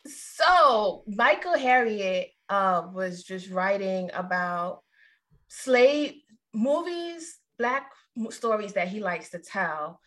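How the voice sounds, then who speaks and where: A woman's voice: medium pitch, animated, slow pace, fairly bright tone. Chatty woman podcast co-host. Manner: chatty, meandering, with asides to listeners. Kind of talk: casual chat.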